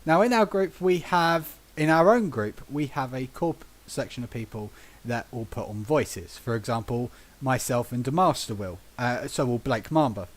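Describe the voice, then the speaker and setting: A man's voice: medium pitch, normal speed. A man from Britain hosting a casual podcast, telling tabletop game stories with acted-out quotes and frequent laughter. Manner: animated storyteller who acts out quotes and laughs often. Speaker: podcast host.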